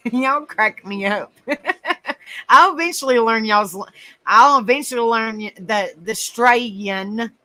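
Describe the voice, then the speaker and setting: Southern lady chatting on a livestream, slow and unhurried, bright voice, giggles a lot. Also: a little high, low-quality recording. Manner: chatty, giggly, greets viewers by name. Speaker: livestream host. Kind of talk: casual live-stream chat.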